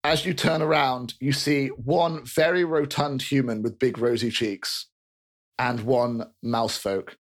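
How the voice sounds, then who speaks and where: A man narrating a tabletop game as game master, in a brisk, casual, descriptive way. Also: medium pitch, fairly even intonation.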